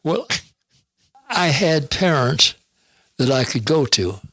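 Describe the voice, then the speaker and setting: Gravelly-voiced man in his nineties. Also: a little high, very animated, slow, fairly bright tone, dry recording, clean studio sound. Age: 90s. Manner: plainspoken, easygoing, chuckles often. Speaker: interviewee, host's father. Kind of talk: casual conversation.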